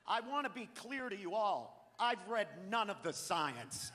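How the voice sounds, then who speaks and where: A high-voiced man tears through a profane stand-up rant, his bright, cutting tone jumping into shouts. The live theater stream carries a long hall reverb around him. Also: big pitch swings, a little slow. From Maine. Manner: profane, ranting, bursts into shouting. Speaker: stand-up comedian. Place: large theater stage. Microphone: handheld stage mic.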